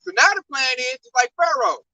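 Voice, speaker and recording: A man's voice: very high voice, brisk, sharp tone, no room sound. A man preaching from scripture in an emphatic, slang-laden way, heard from a distance on a lo-fi recording. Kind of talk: street-corner scripture preaching.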